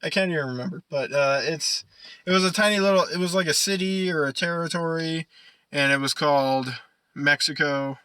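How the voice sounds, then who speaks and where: A man's voice: a little high, brisk, sharp tone, smooth, no room sound, rough recording. A young man co-hosting a casual podcast, rambling and swearing, laughing often. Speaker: podcast co-host. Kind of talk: casual chat.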